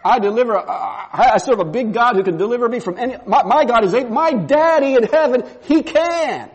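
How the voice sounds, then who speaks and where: A man's voice: very high-pitched, expressive, fairly quick, breathy edge, big-room sound, voice pushed up, heavily acted. A man playing an eager young shepherd hero. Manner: eager, stammering with enthusiasm. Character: bold young shepherd boy, eager and confident.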